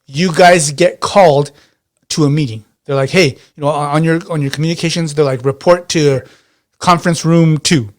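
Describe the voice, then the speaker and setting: Rambling game master, slightly high voice. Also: male voice, steady tone, moderate pace. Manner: rambling, many restarts and fillers. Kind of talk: narrating a tabletop role-playing game.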